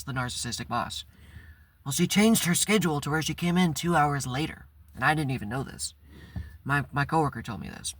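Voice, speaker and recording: A man's voice: a little high, bright, forceful tone, no room sound. A man hosting his own channel, telling a personal story in a candid, blunt way and swearing freely. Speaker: channel host. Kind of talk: casual vlog storytelling.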